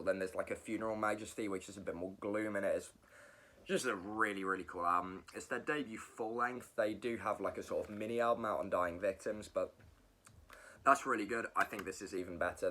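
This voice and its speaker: A man reviewing metal albums in a casual, rambling monologue, sick, often correcting himself and filling pauses with ums. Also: low-pitched, fairly even intonation, sharp tone.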